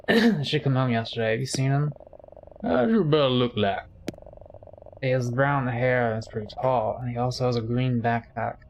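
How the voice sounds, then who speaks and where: A man's voice: medium pitch, moderate pace, highs cut off, slight background noise, lightly acted. A man voicing a polite, subdued game hero who is searching for his missing brother. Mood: worried.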